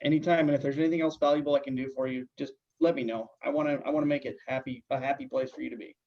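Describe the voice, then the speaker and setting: A man playing a calm, agreeable office coworker in a training role-play, speaking haltingly. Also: mid-range voice, natural voice. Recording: dull lo-fi sound.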